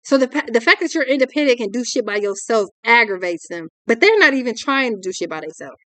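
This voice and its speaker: A woman's voice: a little high, animated, quick pace, a bit bright, dry recording. Exasperated profane woman, dry close sound. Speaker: tarot reader. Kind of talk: ranting tarot reading.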